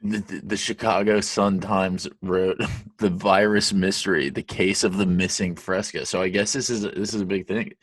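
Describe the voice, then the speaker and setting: A man co-hosting a casual podcast, telling animated stories with frequent laughs and swearing freely. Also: deep voice, normal speed, no echo. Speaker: podcast co-host. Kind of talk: casual chat.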